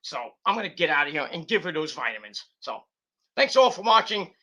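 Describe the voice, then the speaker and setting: A man's voice: a little high, very animated, brisk, pushed and bright. A man hosting a wrestling review channel, signing off a video with a brash, profane rant. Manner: brash, profane trash talk. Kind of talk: ranting video sign-off.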